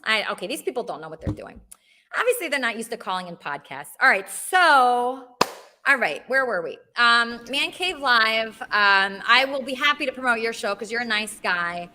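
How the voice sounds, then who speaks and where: Animated, high-voiced woman host. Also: moderate pace. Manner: animated, blunt, rambling. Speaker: podcast host. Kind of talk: casual call-in chat.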